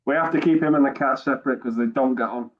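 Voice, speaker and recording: A man's voice: mid-range voice, fast talker, lo-fi sound. A man in a casual group chat, easygoing and prone to repeating words.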